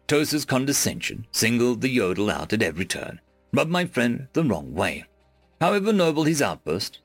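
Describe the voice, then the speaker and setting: Expressive male audiobook narrator. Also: mid-range voice, no echo. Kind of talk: first-person audiobook narration. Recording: dry close mic with faint music.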